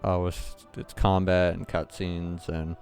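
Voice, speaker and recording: A man's voice: sits low, little pitch movement, takes it slowly, vocal fry, darkish tone, soft background music. A man hosting a gaming channel, giving casual, rambling play-through commentary with lots of hesitant fillers.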